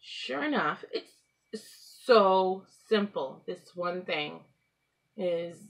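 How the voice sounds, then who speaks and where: A woman hosting a home craft podcast, talking casually and rambling, often laughing and clearing her throat. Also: on the low side, expressive, very slow. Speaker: knitting podcast host. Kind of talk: casual craft chat to camera. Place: at home with pets.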